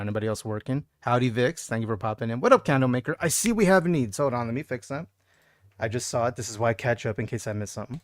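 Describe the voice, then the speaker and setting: A man's voice: mid-range voice, dry recording, clean studio sound. A man streaming live, chatting casually with viewers, goofing around and singing bits of songs. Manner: goofy, sings song snippets and jokes with chat.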